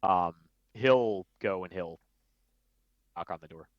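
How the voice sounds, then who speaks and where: A deep-voiced man plays a tabletop game and talks hesitantly, with lots of fillers. The sound is dull and dry, as from a lo-fi mic. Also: slow pace, dry recording. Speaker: player. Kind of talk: casual game chat.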